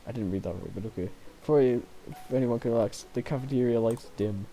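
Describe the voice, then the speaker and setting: Playful male streamer with a mellow voice. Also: mid-range voice, fast talker, vocal fry. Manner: playful, laughing, joking asides. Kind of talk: reading a dating game aloud.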